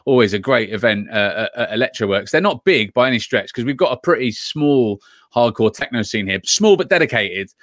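A man's voice: mid-range voice, lively intonation, brisk, no echo, clean studio sound. A man with a British accent hosting an interview, asking questions in a friendly, chatty way. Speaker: host. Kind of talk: casual interview chat.

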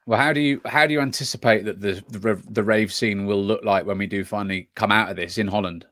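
A man's voice: on the low side, fast, a bit bright, no room sound, studio quality. A man with a British accent hosting an interview, asking questions in a friendly, chatty way. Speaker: host. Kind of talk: casual interview chat.

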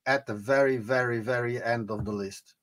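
A man's voice: medium pitch, fairly even intonation, moderate pace, fairly bright tone. A man from the Netherlands, a native Dutch speaker, chatting as a guest DJ in an interview. He talks hesitantly, restarts often and laughs easily. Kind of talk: casual interview chat.

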